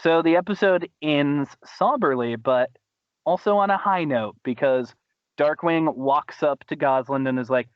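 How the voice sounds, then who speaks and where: A man hosting a podcast, casually recapping a cartoon episode in an animated way, laughing and acting out quotes. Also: unhurried, clean tone, dry recording, highs cut off. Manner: animated, laughing, acts out quotes in high voices. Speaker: podcast host.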